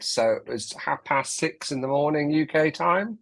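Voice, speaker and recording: A man's voice: fairly high pitch, moderate pace, few pauses, a bit bright. A man co-hosting a casual live stream, hesitant and stumbling over his words. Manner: hesitant, stammers and restarts. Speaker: co-host.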